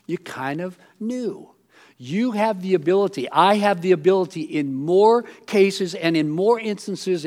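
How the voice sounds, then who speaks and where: High-voiced pastor preaching conversationally. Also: male voice. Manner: conversational preaching, many fillers and restarts; rising animated when mimicking others. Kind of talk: sermon. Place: auditorium.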